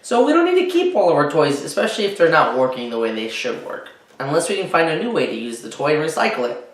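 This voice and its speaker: A man, a teacher, reading a children's book aloud and talking warmly to young listeners. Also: a little high, very animated, fast. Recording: roomy echo.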